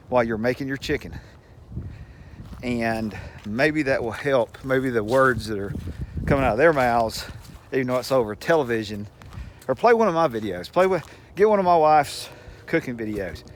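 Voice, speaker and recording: A male channel host with an animated, medium-pitched voice speaks at a moderate pace. He spins a wandering, folksy yarn for the camera, laughing softly now and then, with a faint household hum behind him.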